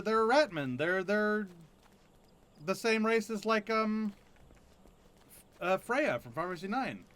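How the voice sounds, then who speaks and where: Man, game streamer, casual musing commentary, high bright voice. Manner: musing, chatty, trails off and restarts.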